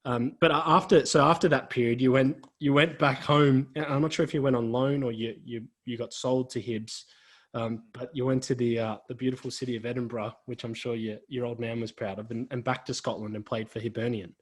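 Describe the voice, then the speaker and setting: A man's voice: mid-range voice, steady tone, a little fast. A man from Australia hosting a podcast, asking long, rambling, friendly questions full of fillers. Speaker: podcast host. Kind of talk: casual podcast interview.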